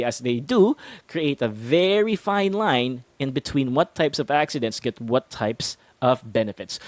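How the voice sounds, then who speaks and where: A man's voice: mid-range voice, no room sound. A man, hosting a casual, playful explainer and laughing now and then as he teaches. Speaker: insurance explainer host. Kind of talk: casual educational talk to camera.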